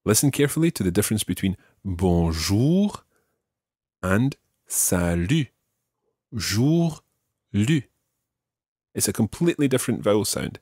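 A man's voice: on the low side, very animated, normal speed, darkish tone, slightly rough, no room sound, clean studio sound. A man teaching beginners in a podcast lesson, patiently explaining each phrase step by step and modelling its pronunciation. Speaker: language teacher.

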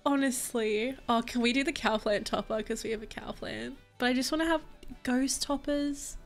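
A young woman narrates her life-sim game in a gushing, chatty way, her slightly high voice sinking to soft asides and then leaping into excited squeals. Faint background music plays under her talk. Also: moderate pace. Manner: bubbly, gushing, swings between soft murmurs and excited squeals. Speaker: gaming YouTuber. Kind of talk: casual gameplay commentary.

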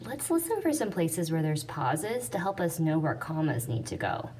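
A patient woman teacher explains step by step, slowly, with a somewhat low and lively voice. She sounds set back from the mic, with faint noise behind. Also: recorded from a distance. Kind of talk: classroom explanation.

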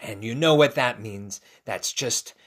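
A man teacher reading a picture book aloud to children, expressive and asking his listeners questions. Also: medium pitch, measured pace, echoey room.

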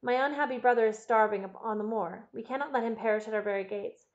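A woman's voice: fairly high pitch, fast, highs cut off, close to an everyday voice. A woman voicing a distraught middle-aged housekeeper who earnestly confesses to her master, in an audiobook reading.

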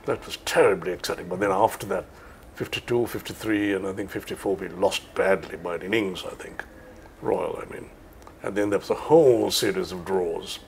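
An older man from Sri Lanka, a veteran cricket commentator reminiscing in an interview in an unhurried, anecdotal way. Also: low-pitched, lively intonation, creaky, a little mellow, slight background noise.

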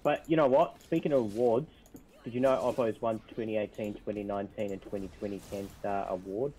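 A man's voice: lowish voice, steady tone, brisk, dark tone, low-quality recording. A man hosting a casual gaming livestream, upbeat and fond of dad jokes. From Australia. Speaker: livestream host.

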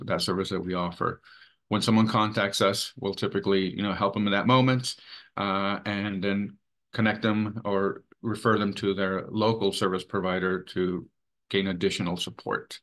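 A man presenting a training webinar in an earnest, measured way, with many fillers. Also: lowish voice, fairly bright tone. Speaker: webinar presenter for a sexual assault coalition.

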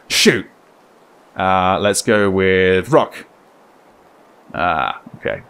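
A man casually commenting as he plays a game, chatty and joking, reacting out loud to what happens. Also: on the low side, animated, slow pace, long pauses, clear, resonant tone. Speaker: gaming YouTuber. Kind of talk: let's play commentary.

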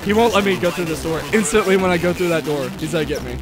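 A man's voice: sits high, fast talker, music in the background. A young man streaming a horror game, talking to chat with panicky yelps and laughter. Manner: panicky, yelping exclamations, frequent laughing. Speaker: gaming streamer. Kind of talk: let's play commentary.

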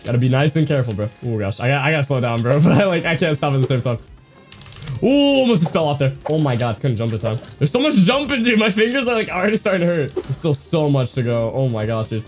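Young male streamer, bit high voice, very lively delivery, faint music under him. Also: fast. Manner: animated, swings from muttering to yelling. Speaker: gaming streamer. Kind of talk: excited gameplay commentary.

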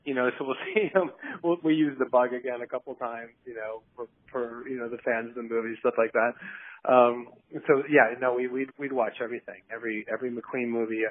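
Man talking over a tinny phone line. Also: mid-range voice. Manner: rambling, laughs often, acts out quotes. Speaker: film director, interview guest. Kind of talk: casual interview chat. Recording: dry, tinny phone-like audio.

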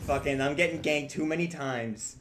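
A man's voice: fairly high pitch, normal speed, fairly bright tone. A man streaming an online game, chatting with teammates and swearing when frustrated. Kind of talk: casual gaming banter.

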